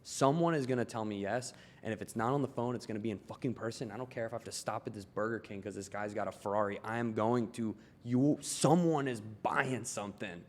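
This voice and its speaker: A young man from Maryland, a tailor, talks casually as a guest on a podcast, his voice fairly low and brisk with few pauses. He swears, laughs, and tells his stories with lots of energy.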